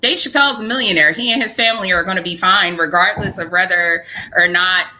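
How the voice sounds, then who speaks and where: Bright, earnest woman making her case. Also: lowish voice, fairly quick, rough recording. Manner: earnest, argumentative, building her point. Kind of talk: livestream panel discussion.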